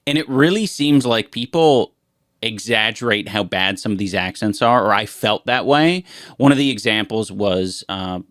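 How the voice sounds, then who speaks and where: A man co-hosting a podcast in casual chat, rambling and halting with many fillers. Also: fairly low pitch, animated, fairly bright tone, no room sound, studio quality. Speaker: podcast co-host.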